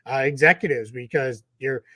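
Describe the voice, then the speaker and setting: A man's voice: mid-range voice, normal speed, pushed and bright, breathy edge, no room sound. A man co-hosting a sports talk podcast, talking casually and rambling, with many restarts and repeated words. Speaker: podcast co-host.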